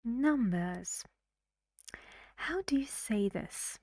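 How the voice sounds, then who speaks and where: A woman's voice: on the high side, lively intonation, very slow, mellow, no room sound, studio quality. A woman who is a native Persian speaker, teaching English pronunciation in a recorded lesson, explaining carefully and often asking the learner questions.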